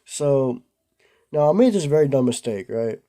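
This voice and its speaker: A man's voice: medium pitch, expressive, normal speed, mellow. A young man casually telling a rambling story to the camera, full of filler words and slang. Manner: rambling, laid-back, lots of "bro" and "like". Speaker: vlogger.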